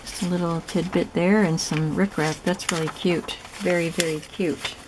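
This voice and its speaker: A woman casually narrating a show-and-tell of a handmade journal, soft, chatty and admiring as she thinks aloud. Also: fairly low pitch, fairly even intonation, normal speed, background noise. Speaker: craft vlogger showing a gifted journal.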